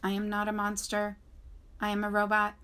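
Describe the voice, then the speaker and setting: Woman reading as Roz, a calm polite robot. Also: mid-range voice, normal speed, clean tone, lightly acted.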